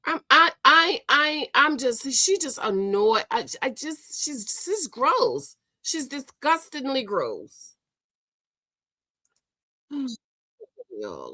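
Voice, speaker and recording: A woman's voice: sits high, sing-song, slow, bright, forceful tone, no echo. A woman hosting a gossip commentary show, exasperated and scolding, stammering and repeating herself as she rants. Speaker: host.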